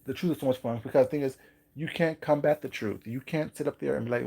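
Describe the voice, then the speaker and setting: A man's voice: mid-range voice, fast talker, creaky, warm tone, breathy edge. A man hosting a casual livestream, chatting to viewers while he eats and often laughing. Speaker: livestream host. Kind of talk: casual live chat while eating.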